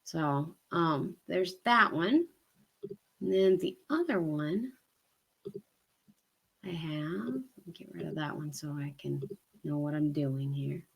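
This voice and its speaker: A woman's voice: sits low, animated, slow, vocal fry, pauses often, breathy edge. A woman with a Southern US accent co-hosting a hiking livestream, chatting casually and rambling with many ums. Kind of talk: casual live-stream chat.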